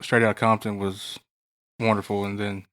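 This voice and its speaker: A man's voice: on the low side, level tone, normal speed, a bit bright. A man, a studio guest on a podcast, speaking plainly with some hesitation. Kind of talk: casual chat.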